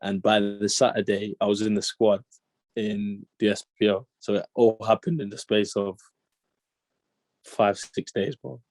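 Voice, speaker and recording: A young man telling a story as an interview guest, animated and full of slang, acting out the lines of the people in it. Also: on the low side, a little slow, dry recording. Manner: animated slang-heavy storytelling, acts out quotes. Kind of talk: casual storytelling chat.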